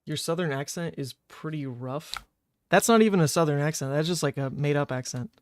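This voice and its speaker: A man's voice: fairly high pitch, fairly quick, no room sound. A young man from New Orleans, streaming a card game and chatting casually with viewers as he thinks through his plays aloud. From New Orleans, Louisiana, USA. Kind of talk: casual live-stream commentary.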